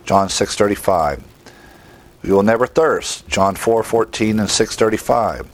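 A man's voice: fairly low pitch, low-quality recording. A man giving an expository Bible lesson, emphatic and explanatory, rattling off verse references between his points. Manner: emphatic, rapid verse citations. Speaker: Bible teacher.

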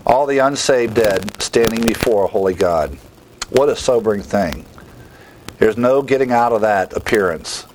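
A man's voice: lowish voice, noisy background. A man giving an expository Bible lesson, emphatic and explanatory, rattling off verse references between his points. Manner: emphatic, rapid verse citations. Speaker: Bible teacher.

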